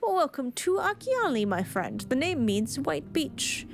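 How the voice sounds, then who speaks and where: A woman's voice: high-pitched, big pitch swings, measured pace, creaky, soft background music, voice pushed up, exaggerated voice. Woman reading a friendly island guide. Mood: welcoming. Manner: welcoming, read-aloud dialogue.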